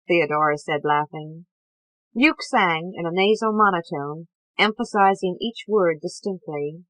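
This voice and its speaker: A woman's voice: on the low side, normal speed, fairly bright tone, dry recording, poor audio. Woman reading a novel aloud. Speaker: audiobook narrator.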